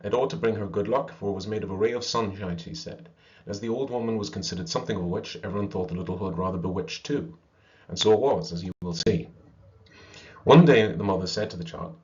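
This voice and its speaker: A man reading an old fairy tale aloud with expressive storybook narration, on a slightly dull recording. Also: lowish voice, fast.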